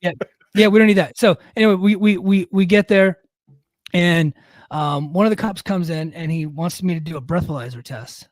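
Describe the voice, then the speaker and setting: A man's voice: high voice, moderate pace, no echo. A middle-aged man telling a rambling, profane story in a casual podcast chat, mocking himself as he goes. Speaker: podcast co-host.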